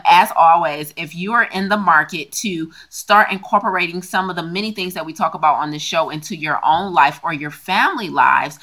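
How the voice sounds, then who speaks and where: A woman co-hosts a casual podcast, speaking as a health coach with a slightly low-pitched voice. She talks in long, lively runs and leans hard on her emphatic points. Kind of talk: casual chat and show promotion.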